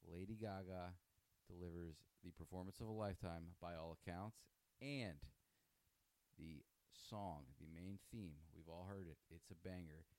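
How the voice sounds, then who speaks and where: A man with a somewhat low voice makes a pitch in a mock-grandiose, hype-man manner. He is speaking on a casual comedy podcast, half joking as he builds things up. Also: normal speed, a little mellow. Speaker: podcast guest correspondent.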